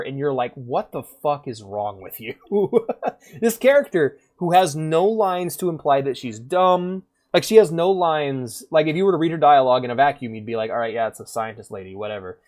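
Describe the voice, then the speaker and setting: A man streaming games who talks in a rambling, profane, animated way and acts out game characters as he goes. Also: a little high. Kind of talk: casual gaming commentary.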